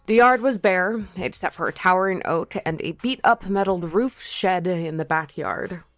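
A woman's voice: on the low side, moderate pace, no room sound, faint music behind. A young woman from Florida narrating a first-person story in a wry, conversational way. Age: young adult.

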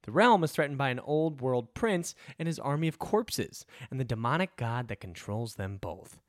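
A man's voice: mid-range voice, sing-song, normal speed, no echo, studio quality. Upbeat man reading podcast ads. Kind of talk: ad read.

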